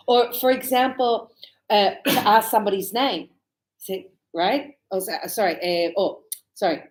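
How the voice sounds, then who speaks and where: A woman teaching a relaxed spoken lesson, chatty and animated as she tells stories and laughs often. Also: mid-range voice, unhurried. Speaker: English teacher. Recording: echoey room.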